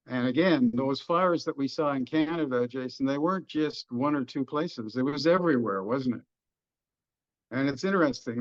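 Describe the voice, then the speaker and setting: A middle-aged man with a Texan accent, an economist explaining markets in a folksy, joking way during a webinar discussion. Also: mid-range voice. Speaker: economist guest. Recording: dull lo-fi webinar audio.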